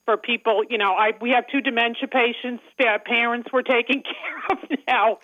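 A woman's voice: on the high side, steady tone, moderate pace, dry recording. A woman with a thick Long Island accent, calling in to a radio show and chatting with frequent laughs. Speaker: caller. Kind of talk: casual phone call. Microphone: telephone. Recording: muffled phone line.

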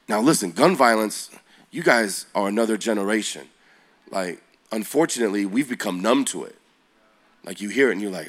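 40s guy preaching to teens, lowish voice, slangy, keeps asking the kids stuff. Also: moderate pace, long pauses. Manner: animated, slangy, asks the audience questions. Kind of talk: youth sermon storytelling.

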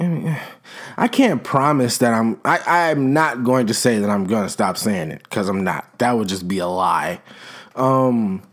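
A man's voice: mid-range voice, darkish tone. A man hosting a casual comedic rant, rambling and profane, with lots of restarts and "you know what I'm saying".

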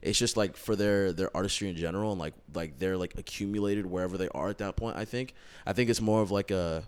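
A man's voice: sits low, fast talker, few pauses, smooth. A man co-hosting a casual music chat, talking in a loose, rambling way with many fillers. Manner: rambling, lots of likes and ums. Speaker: podcast co-host.

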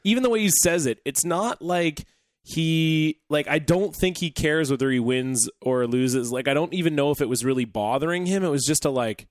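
A young man co-hosting a podcast, rambling in a relaxed way about sports, full of "like" and restarts. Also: a little high, moderate pace, no room sound, clean studio sound. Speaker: podcast co-host. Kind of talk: casual sports chat.

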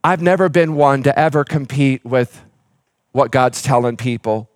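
Pastor telling a family story, dry close sound. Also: male voice, mid-range voice, normal speed, no echo. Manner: personal storytelling with fillers and restarts. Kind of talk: sermon.

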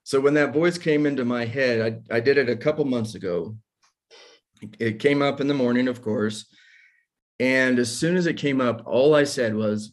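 A man's voice: medium pitch, moderate pace. A man in his forties hosting a casual faith discussion, talking candidly and self-deprecatingly about his own struggles. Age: 40s.

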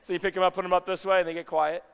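A man preaching a sermon in a chatty, animated way, often checking that his audience is following along, in a church sanctuary. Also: high voice, rapid-fire, vocal fry, clear, resonant tone, shouting, long reverb tail. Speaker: pastor.

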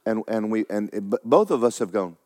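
A man's voice: animated, fairly quick. Folksy preacher man. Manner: folksy preaching, rises loud for emphasis, drops low for stories. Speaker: pastor. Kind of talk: sermon.

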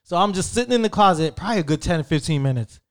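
Lively, profane man telling a story. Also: high-pitched, racing. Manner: animated, profane, slangy and conversational. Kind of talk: casual storytelling.

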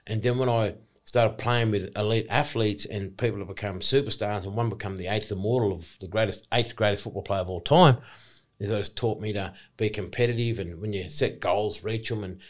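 An Australian man in his forties, a former rugby league player telling his story in an excitable, rambling, emphatic way as a podcast guest. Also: fairly low pitch, a little fast. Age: 40s. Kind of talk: casual podcast interview.

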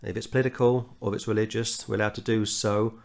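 A man's voice: lowish voice, level tone, fast, creaky. A middle-aged Englishman, teaching a verse-by-verse Bible study and telling anecdotes, earnestly reading scripture with rising emphasis. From England.

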